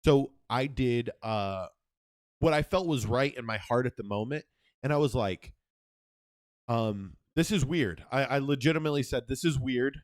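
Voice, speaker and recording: A young man co-hosting a casual podcast, telling a story in a profane, animated way. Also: medium pitch, moderate pace, dry recording, clean studio sound. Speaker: podcast co-host.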